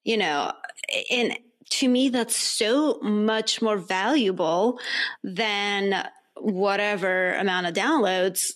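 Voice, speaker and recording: A woman hosting a podcast, talking in a relaxed, casual way. She is chatty and reflective, and she fills her sentences with small asides as she thinks aloud. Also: medium pitch, slow pace. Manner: chatty, reflective, many fillers. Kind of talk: casual interview chat.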